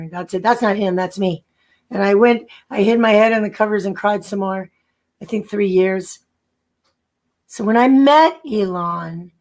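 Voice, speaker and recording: A woman guest tells her own story in an interview. She rambles, restarts her sentences often, and acts out the voices of people she remembers. Her voice sits at a middle pitch. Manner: rambling, halting, with many restarts and acted-out quotes. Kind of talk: personal testimony.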